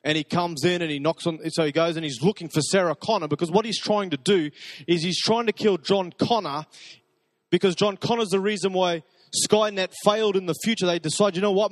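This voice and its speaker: A man's voice: high voice, no echo. Man preaching with a dry, close sound. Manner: conversational storytelling, soft intimate repetitions. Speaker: pastor. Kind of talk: sermon.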